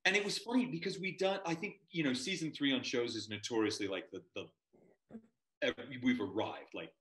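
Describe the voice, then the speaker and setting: A middle-aged actor from Montana and London guests in a casual interview, spinning long, rambling anecdotes and acting out the voices he quotes. His mid-range voice is a bit bright and a little fast. The recording is rough with a roomy sound.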